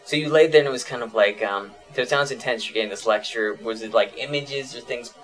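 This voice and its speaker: A man's voice: medium pitch, quick pace, fairly bright tone, rough recording. A man hosting an interview, asking long, curious, probing follow-up questions in a casual way. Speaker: host interviewer.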